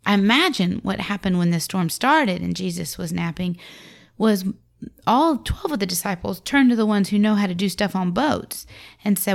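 Gravelly-voiced woman giving a devotional talk. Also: medium pitch, moderate pace. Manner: conversational and expressive, acting out quotes. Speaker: Christian speaker to mothers.

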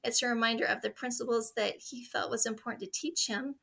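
A woman's voice: a little high, fairly even intonation, fairly quick, creaky, fairly bright tone, husky. A woman in her forties, a podcast guest speaking earnestly and fondly about family traditions in a conversational interview.

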